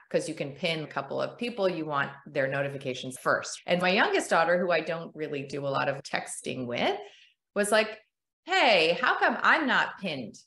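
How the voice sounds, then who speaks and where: A woman's voice: sits low, creaky, roomy sound. A woman hosting a podcast, telling a story in a casual, conversational way and acting out the voices she quotes. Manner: animated, acts out quoted voices. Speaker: podcast host.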